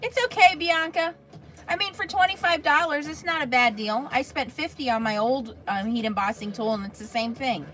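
Female craft-stream host, bright-ish higher voice, casual and chatty, replies to viewers' comments as she works. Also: moderate pace. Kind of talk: casual livestream chat.

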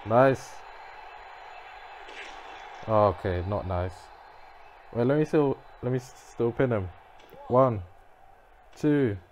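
Slow-talking man reacting to a game. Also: mid-range voice, lively intonation, dull audio, slight background noise. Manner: reactive, muttering to himself, bursts of frustrated yelling. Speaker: gamer playing a wrestling game. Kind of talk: live gameplay commentary.

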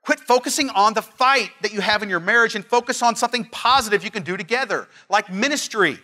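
A man's voice: high-pitched, fast talker, sharp tone. A middle-aged man preaching a sermon, earnest and emphatic, repeating key phrases and telling family stories. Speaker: pastor.

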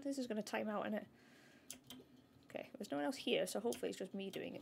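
A woman streaming a game from home into a desk mic, yelping and shouting at it with lots of exclamations. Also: mid-range voice, racing, gravelly, a little hiss or hum. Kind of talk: live gaming stream commentary. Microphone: new desk mic.

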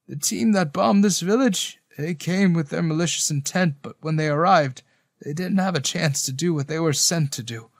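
A man voicing a weary, wise older village man in a spoken story, slow and solemn. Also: on the high side, gravelly, no room sound, studio quality. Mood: grave. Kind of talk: audiobook character voice.

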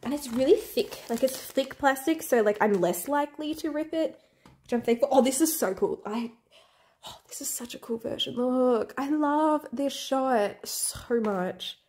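A young woman vlogger unboxing albums in a room at home, gasping and gushing, often dropping to breathy half-whispered squeals. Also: high-pitched, unhurried, a little mellow. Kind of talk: excited unboxing chat.

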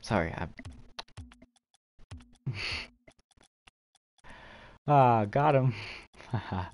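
A man's voice: mid-range voice, lively intonation, drawn-out words, a little mellow, no room sound, muffled recording. A young man streaming a game, chatting casually with viewers, laughing and swearing easily. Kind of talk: casual live-stream chat while trading.

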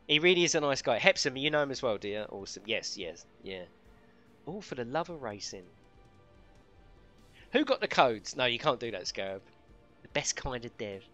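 Bright-voiced chatty streamer man. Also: medium pitch, very animated, normal speed, pauses often, soft background music. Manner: chatty, swears casually, laughs often. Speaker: game streamer. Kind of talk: casual live-stream chat.

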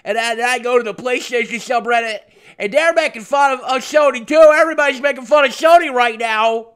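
A man's voice: high-pitched, clear, resonant tone. A man voicing an angry, hot-tempered male gamer fan who rants, swears and stammers over his words in a comedic rant to camera. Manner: shouting rant, stammering repeats, heavy swearing.

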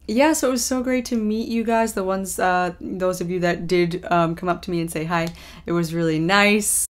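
A young woman vlogger chatting casually through a recap, rambling with lots of ums and likes and quick laughs. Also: lowish voice, a bit bright.

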